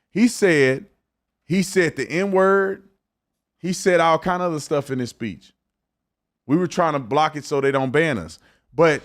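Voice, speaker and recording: A man hosting his podcast, giving casual commentary in an emphatic, colloquial way with stumbling restarts. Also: fairly high pitch. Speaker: podcast host.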